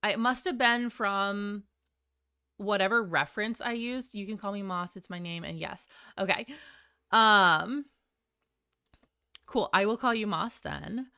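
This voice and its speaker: A woman's voice: mid-range voice, unhurried, pauses often, pushed and bright, dry recording, clean studio sound. A woman streamer chatting casually and a bit scatterbrained while building in a game, with a sing-songy way of talking. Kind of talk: casual live-stream chat while gaming.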